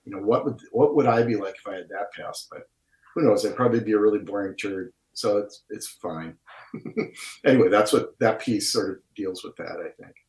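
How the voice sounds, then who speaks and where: A man with a Wisconsin accent talking reflectively and at length in a casual conversation, with drawn-out vowels. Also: fairly low pitch, a little mellow. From Wisconsin, USA. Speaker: guest artist. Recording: roomy echo.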